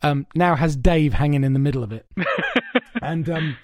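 A man co-hosting a podcast in casual chat, telling long stories in an animated, rambling way with lots of swearing. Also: fairly high pitch, a little fast, dry recording. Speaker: podcast co-host. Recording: dry, soundproofed home room.

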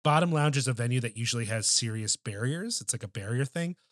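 A male podcast co-host with an expressive, medium-pitched, fairly bright voice talks at a quick pace. Chatting casually, he tells a rambling, profane story heavy with fillers, recorded in clean studio sound with no echo.

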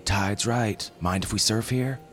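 A man's voice: lowish voice, a little slow, faint music behind, voice pushed up, close to an everyday voice. A man voicing a cocky young surfer in a story reading, with a surfer-dude drawl raised above his own voice. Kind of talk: audiobook character voice.

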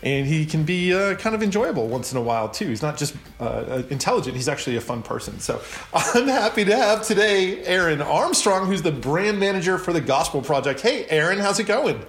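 A man's voice: on the high side, expressive, fast talker, hardly any pauses. A middle-aged man hosting a casual podcast interview, upbeat and chatty, teasing his guest. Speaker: podcast host. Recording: roomy echo.

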